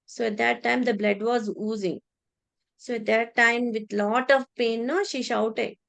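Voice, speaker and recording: A woman's voice: fairly high pitch, fairly even intonation, gravelly, fairly bright tone. Woman telling a devotional story. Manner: halting, many restarts and repeated words. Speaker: devotional class speaker. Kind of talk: storytelling in a religious class.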